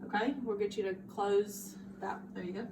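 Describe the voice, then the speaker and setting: A woman's voice: medium pitch, normal speed. Woman, nursing student, step-by-step exam narration, roomy echo, faint background hiss. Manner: steady, instructive, step-by-step directions. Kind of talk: narrated physical assessment demo. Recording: echoey room with faint ambience.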